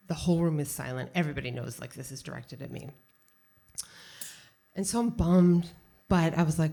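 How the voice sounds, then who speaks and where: A woman telling a funny personal story live on stage, animated and self-mocking, full of "like.". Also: low-pitched, moderate pace. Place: small theater stage with audience.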